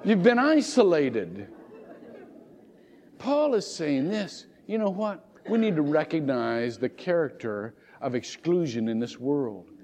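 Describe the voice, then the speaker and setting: A man's voice: on the high side, big pitch swings, takes it slowly, darkish tone, a faint crowd, slight background noise. A middle-aged man preaching a sermon as pastor, telling stories with laughter and tearful asides. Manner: emotional, laughing and digressive storytelling. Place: church sanctuary. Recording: muffled church recording with long reverb.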